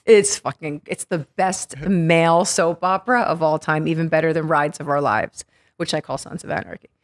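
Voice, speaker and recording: Animated, cursing New woman telling stories. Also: sits low, normal speed. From Queens, New York. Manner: animated, profane, acts out quotes. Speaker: podcast guest. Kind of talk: casual storytelling interview.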